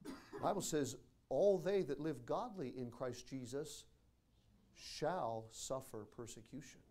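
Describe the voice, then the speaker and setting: Baptist pastor preaching with rising intensity. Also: male voice, mid-range voice, moderate pace. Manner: preaching, building to loud emphatic peaks. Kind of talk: sermon. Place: church sanctuary.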